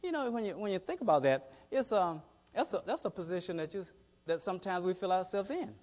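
A man's voice: high voice, expressive, brisk, darkish tone. A middle-aged man preaching a conversational sermon, telling stories in a folksy way and often repeating his words. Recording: reverberant hall.

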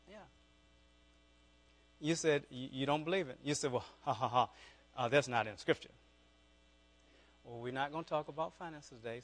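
A man's voice: high-pitched, a bit bright. Southern man preaching a fervent sermon. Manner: preaches with rising, fervent calls and asides to the congregation. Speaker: pastor.

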